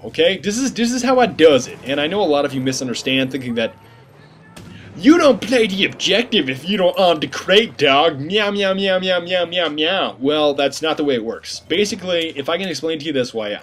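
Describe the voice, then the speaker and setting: A man talking over his own gameplay in a loose, slangy, joking way, drifting into mock-serious asides. His voice sits a little high for a man. A faint hiss of noise runs under the recording. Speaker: gameplay commentator. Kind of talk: casual gameplay commentary.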